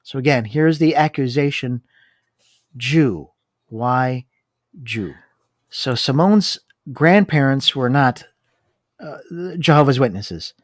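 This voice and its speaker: A man's voice: mid-range voice, lively intonation, slow, pauses often, no room sound, studio quality. A man co-hosting a discussion, reading long book passages aloud and commenting on them. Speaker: podcast co-host.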